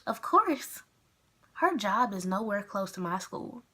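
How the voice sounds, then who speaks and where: Young woman vlogging a storytime, talks slow, rambly and chatty with lots of likes and ums. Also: mid-range voice, very animated, bright, forceful tone, slightly rough. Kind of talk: casual storytime vlog.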